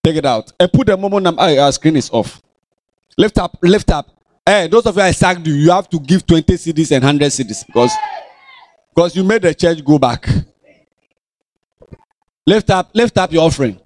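A man's voice: on the high side, moderate pace, long pauses, no room sound, clean studio sound. A man with a Ghanaian accent preaching a sermon as pastor in a church, scolding and teasing his congregation. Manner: animated, scolding, playful.

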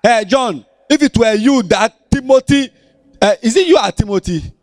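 A man with a Ghanaian accent preaching a lively Bible lesson to children, animated and sing-song, teasing his listeners as he talks. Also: extremely high pitch, moderate pace, dry recording.

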